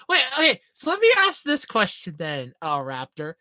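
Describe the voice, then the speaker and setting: Young woman, casual chat, giggly, very animated, bright tone. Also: on the low side, moderate pace, few pauses, no room sound. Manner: giggly, animated storytelling with frequent laughs. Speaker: streamer chatting with viewers.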